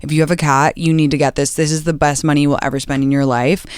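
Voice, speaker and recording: A woman's voice: sits low, little pitch movement, fast, darkish tone, smooth, no room sound, clean studio sound. A young woman hosting a podcast, chatty and dramatic, laughing often in casual talk. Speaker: podcast host. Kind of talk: casual chat.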